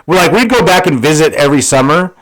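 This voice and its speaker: Male co-host from Washington, slightly high pitch, animated storyteller with a loose tongue. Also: quick pace, poor audio. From Washington State, US. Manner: animated storyteller, acts out quotes, swears freely. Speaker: podcast co-host. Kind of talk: casual storytelling chat.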